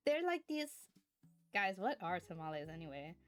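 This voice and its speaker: A woman's voice: medium pitch, very animated, unhurried, faint music behind. A woman streamer in casual chat, rambling from topic to topic and thanking her chat viewers.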